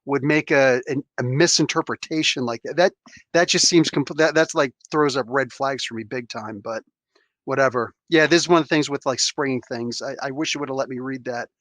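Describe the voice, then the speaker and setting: A man's voice: medium pitch, fairly quick, fairly bright tone, dry recording. A man hosting a casual podcast chat who rambles with heated, restarting rants. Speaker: podcast host.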